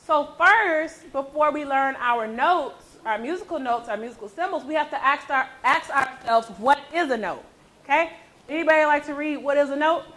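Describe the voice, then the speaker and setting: A woman with a high, bright voice leads a music class in a school classroom. She encourages the pupils and keeps asking "okay?" to check that they follow. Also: moderate pace, poor audio. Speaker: music teacher. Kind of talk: classroom teaching.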